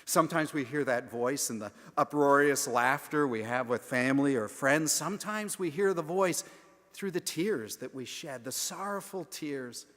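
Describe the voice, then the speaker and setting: A man preaching a sermon, moving from hushed, almost whispered lines to loud emphatic declarations. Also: a little high, lively intonation, moderate pace. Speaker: pastor. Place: large church sanctuary. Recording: long echo of a large church sanctuary.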